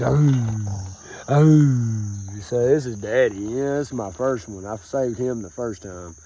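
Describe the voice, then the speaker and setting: Dude rambling and cussing outside in a field, mellow voice, keeps saying bro. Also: male voice, medium pitch, slow, slight background noise. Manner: rambling, swears often, calls listener bro. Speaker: vlogger. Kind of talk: rambling outdoor vlog monologue. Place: outdoors in a rural grassy field.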